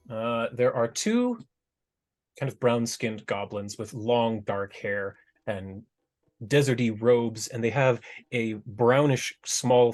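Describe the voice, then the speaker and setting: A man's voice: mid-range voice, a little mellow. Guy running a tabletop game, rambly with lots of uhs, mid voice, faint music behind. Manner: loose, rambling narration with fillers. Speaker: game master.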